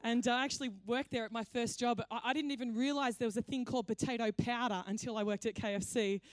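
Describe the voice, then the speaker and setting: Woman, pastor, sermon, conversational storytelling, fairly high voice, dry sound. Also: fairly even intonation, quick pace, no room sound. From Australia.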